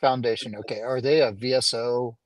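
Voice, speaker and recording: A man's voice: mid-range voice, steady tone, fairly quick, over a noisy crowd. A man hosting an interview, asking probing questions and explaining how he helps veterans file. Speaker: host.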